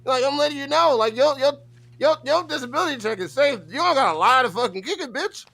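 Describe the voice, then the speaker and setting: A man co-hosting a livestream, reacting with loud, profane, mocking rants. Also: very high-pitched, expressive. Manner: loud, mocking and rapid-fire. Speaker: co-host.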